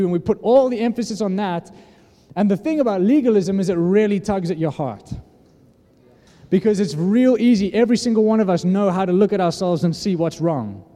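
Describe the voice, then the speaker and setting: A man's voice: sits high, dark tone. A man preaching a sermon in an earnest, conversational way, often restarting his sentences. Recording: long hall reverb.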